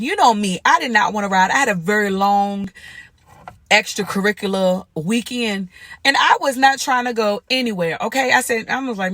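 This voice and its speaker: Brief: young adult woman, casual vlog storyteller, animated and slangy, dry close sound. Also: a little high, normal speed, no room sound. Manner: animated, chatty, slangy, quotes people in lively voices. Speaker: vlogger and comedian motivator.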